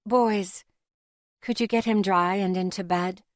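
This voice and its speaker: A woman narrator plays a calm, caring healer with a warm, reassuring tone, set a little lower and slower than her own voice. Dry, close recording. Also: dry recording, close to an everyday voice.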